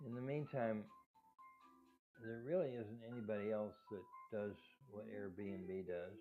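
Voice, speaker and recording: Older man, low voice, whistling sibilants, rambling casual talk, tinny phone-like sound, faint music behind. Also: fairly even intonation, measured pace. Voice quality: whistling sibilants without his dentures. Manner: rambling, with restarts and soft laughs. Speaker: cat rescue owner.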